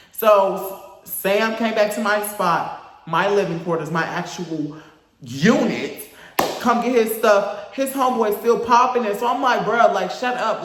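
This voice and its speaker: A young man telling a storytime story in a casual, animated, profane and campy way, acting out the other people. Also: high-pitched, roomy sound, a little hiss or hum. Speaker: storyteller vlogger.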